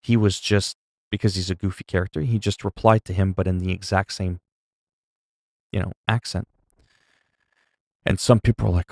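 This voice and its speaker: A man with a lowish voice chats casually while livestreaming a game, opinionated and rambling, swearing freely. His voice is close and dry, with no room sound at all. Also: steady tone, moderate pace, vocal fry, pauses often, no room sound. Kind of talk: casual chat while gaming.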